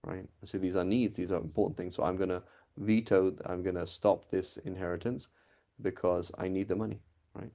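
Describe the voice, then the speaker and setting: A man's voice: low voice, fairly even intonation, a little fast, a little mellow. A man teaching Islamic law in an informal lecture, explaining conversationally and often checking in with his students.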